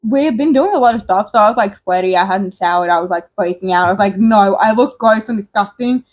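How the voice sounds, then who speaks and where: A woman's voice: mid-range voice, fairly quick. A young woman co-hosting and telling a story in a casual chat, laughing often. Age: young adult. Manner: laughs often, animated and chatty. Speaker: co-host.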